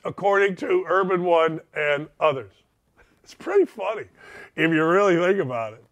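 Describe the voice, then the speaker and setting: A middle-aged man hosting a radio talk show, riffing casually and acting out quick bits of dialogue. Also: high voice. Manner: animated, joking, acts out quoted voices.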